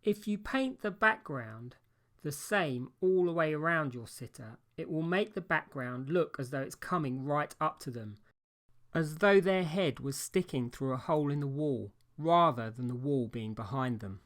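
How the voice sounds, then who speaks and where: A man speaks in a steady, unhurried voice-over for an art lesson. His delivery is calm and explanatory, like a teacher walking through each step of his own painting. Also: on the high side. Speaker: painting instructor. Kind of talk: scripted tutorial voice-over.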